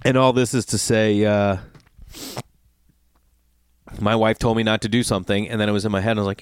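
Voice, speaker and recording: A man's voice: fairly low pitch, fairly quick, pauses often, clear, resonant tone, no echo, studio quality. A middle-aged man telling a long, exasperated story in a casual monologue, swearing often and acting out both sides of the conversation. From Los Angeles area. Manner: animated, profane, exasperated retelling with acted-out quotes.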